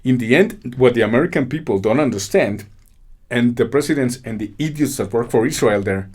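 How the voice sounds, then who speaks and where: A man's voice: mid-range voice, expressive, a little fast, slightly rough. A man from Colombia, delivering an angry, indignant political monologue peppered with swearing. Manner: loud, indignant, swearing, with mocking laughs. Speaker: political commentary host.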